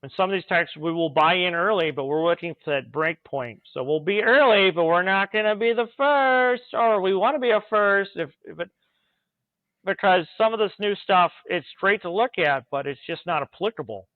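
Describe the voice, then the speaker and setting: A man, an automation engineer, telling work stories in a casual interview, animated and laughing now and then. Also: high voice, normal speed, no room sound. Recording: tinny phone-like remote call line.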